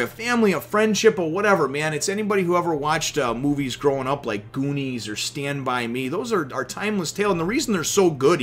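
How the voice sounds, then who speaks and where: A man in his thirties talks through a comic chapter in an animated, heartfelt way, cursing casually as he goes. His voice sits a little high for a man. He speaks from a home office. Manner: animated, emotional, swears casually. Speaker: comic review host. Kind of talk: casual spoken review.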